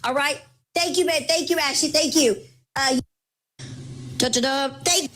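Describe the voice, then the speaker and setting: Chatty high-voiced woman selling live. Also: a little slow, long pauses, a bit bright. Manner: chatty, calls viewers baby girl and mama. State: losing her voice. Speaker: live-stream seller. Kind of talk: casual live-stream sales chat.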